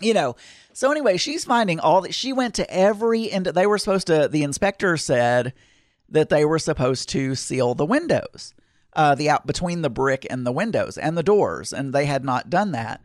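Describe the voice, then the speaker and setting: A man's voice: a little high, animated, normal speed, no room sound, clean studio sound. A man casually telling a long personal anecdote in a rambling way, full of fillers and restarts.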